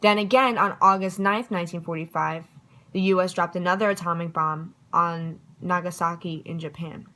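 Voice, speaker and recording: A young woman talks through a history review in a loose, casual way. Her voice is bright and forward. She is chatty and pokes fun at herself when she trips over her words. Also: on the low side, fairly even intonation, normal speed, low-quality recording. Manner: chatty and self-deprecating, stumbles over words. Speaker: student giving a history review.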